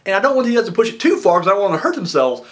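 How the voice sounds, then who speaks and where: A young man with a high, racing voice gives an excitable, rambling spoken review of a wrestling show, swearing freely and correcting himself as he goes.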